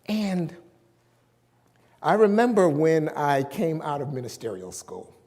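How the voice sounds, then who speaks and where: A middle-aged male minister delivers an unhurried sermon with a high, lively voice that climbs and falls. He leans hard on certain words and stretches them out. The sound carries a long reverb from the worship hall around him. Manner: emphatic, drawing out key words.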